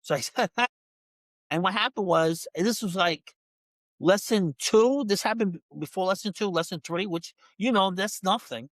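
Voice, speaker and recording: Speaking at a normal speed in a high register, this man is a dog trainer guesting on a podcast, recorded dry. He tells a casual story, acts out what others said, and keeps restarting and repeating words.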